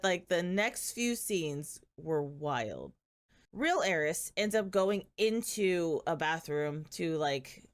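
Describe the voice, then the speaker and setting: Sardonic low-voiced woman recapping dramas. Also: smooth. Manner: sardonic, chatty, laughs often. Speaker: channel host. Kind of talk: casual drama recap vlog.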